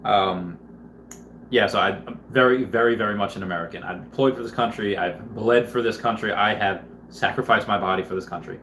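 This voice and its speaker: A man's voice: on the low side, brisk, fairly bright tone, slight background noise. A man casually chatting on a livestream, reading viewer comments aloud and rambling with lots of fillers. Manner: rambling, with many fillers and restarts. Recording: roomy echo.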